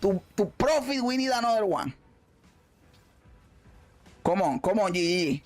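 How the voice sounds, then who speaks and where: A man streaming a video game, commenting loudly, swearing and shouting at the game. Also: high voice, animated, a little slow, long pauses, soft background music. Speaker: gaming streamer. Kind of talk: excited gameplay commentary.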